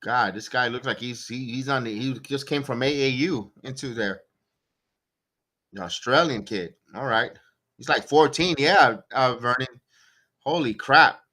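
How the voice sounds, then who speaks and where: A man's voice: medium pitch, unhurried, pushed and bright. A man hosting a live fan watch-along, calling the plays one by one and breaking into sarcastic asides and rants about the coach. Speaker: watch-along play-by-play host. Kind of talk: live fan play-by-play commentary.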